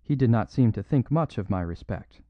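A man voicing a courageous young noblewoman speaking in a clear, quivering voice. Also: lowish voice, lively intonation, normal speed, no room sound, lo-fi sound, natural voice. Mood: earnest.

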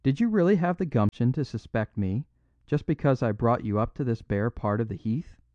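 A man's voice: mid-range voice, expressive, moderate pace, a little mellow, no echo, close to an everyday voice. A man reading an audiobook, voicing a bold, mocking male master thief in a dry, dull recording. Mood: astonished. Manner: mocking, boisterous.

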